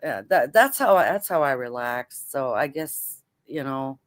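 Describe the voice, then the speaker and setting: An older woman from Canada with a low voice talks as a guest on an interview show. She rambles in a relaxed, chatty way, full of asides and fillers, drawing on years as a prosecutor. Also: measured pace. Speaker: retired federal prosecutor, guest. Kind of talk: casual interview chat.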